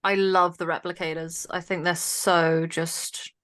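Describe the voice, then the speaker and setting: A woman's voice: fairly low pitch, level tone, unhurried, a bit bright. A woman co-hosting a casual watch-along chat, gushing and outspoken. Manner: effusive, gushing. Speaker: co-host.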